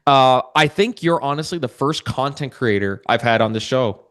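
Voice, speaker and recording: A man's voice: medium pitch, lively intonation, moderate pace, a bit bright. A man hosting a podcast interview, talking casually and rambling with many "uh" fillers. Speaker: podcast host.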